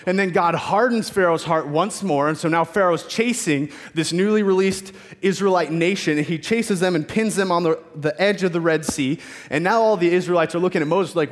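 A man's voice: high-pitched, brisk, big-room sound. A man preaching a sermon, retelling scripture in casual modern speech and voicing the figures in it.

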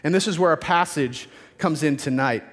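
A man's voice: fairly high pitch, moderate pace, big-room sound. A man preaching a sermon, retelling scripture in casual modern speech and voicing the figures in it.

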